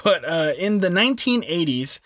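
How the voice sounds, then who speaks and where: A man hosting a casual podcast, relaxed and upbeat as he wraps up a folklore story and hands over to his co-host. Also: sits high, moderate pace, dry recording, clean studio sound. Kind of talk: casual chat.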